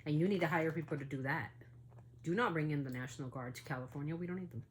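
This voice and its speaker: A woman's voice: deep voice, fast talker, a little hiss or hum. A woman hosting a family podcast in a casual monologue, heated and indignant, swearing as she talks about being upset. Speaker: podcast host.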